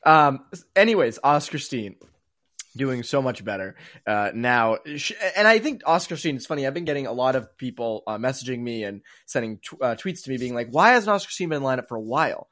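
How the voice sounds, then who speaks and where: Laughing, rambling young podcast host. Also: male voice, mid-range voice, expressive, fairly quick, a bit bright. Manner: rambling, laughs often, self-mocking. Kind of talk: casual sports podcast chat.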